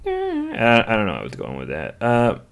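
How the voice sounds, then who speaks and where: A man's voice: lowish voice, huge pitch swings, moderate pace, creaky, a bit bright. A man giving reaction commentary on a stream clip, rambling with hesitant fillers and restarts. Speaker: commentary youtuber.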